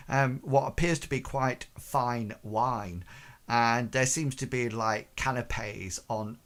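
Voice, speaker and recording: A man narrating as game master of a streamed tabletop game, pausing often with ums and correcting himself. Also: mid-range voice, fairly bright tone. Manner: halting, full of ums and self-corrections.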